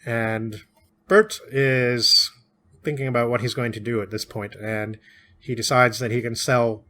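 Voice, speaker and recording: A man's voice: medium pitch, pushed and bright. A man co-hosting a podcast, casually recapping and discussing a classic novel, chatty and often laughing. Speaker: podcast co-host.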